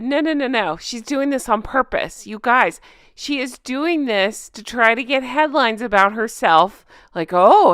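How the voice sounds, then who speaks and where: A woman hosting her own commentary channel, ranting in a sarcastic, exasperated, animated way. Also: fairly high pitch, no room sound, studio quality.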